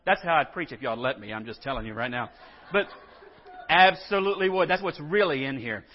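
A man's voice: mid-range voice, expressive, fairly quick. A man from Texas, preaching a sermon to his congregation and acting out the scripture's figures as he tells the story. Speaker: pastor. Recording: muffled sound in a reverberant church hall.

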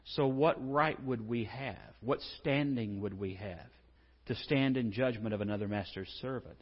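A man giving a conversational sermon as a pastor, asking the congregation rhetorical questions and building to animated emphasis. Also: fairly low pitch, slightly rough, long reverb tail, highs cut off.

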